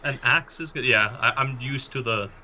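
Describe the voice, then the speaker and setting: Very bright-voiced man explaining game rules. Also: mid-range voice, normal speed, a little hiss or hum. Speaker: player. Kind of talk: casual chat at a game table.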